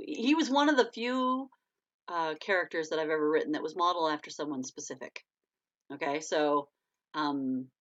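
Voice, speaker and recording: A woman's voice: fairly low pitch, fairly bright tone. Chatty woman author on a lo-fi live stream. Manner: chatty, laughs often, reads viewer comments aloud. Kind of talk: casual live-stream chat. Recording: dull lo-fi stream audio.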